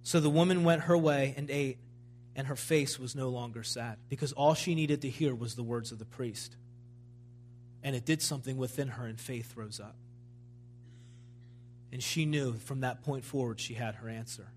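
A man's voice: medium pitch, normal speed, a little hiss or hum. A man preaching a sermon at a church service, in a fervent, emphatic style that builds in intensity.

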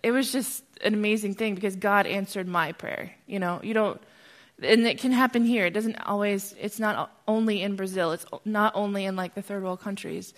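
Brief: young American woman, church testimony, lively storyteller, mid-pitched voice. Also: moderate pace. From United States. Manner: animated storyteller, gets loud and excited when recounting. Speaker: speaker sharing a testimony. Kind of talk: church testimony talk with slides.

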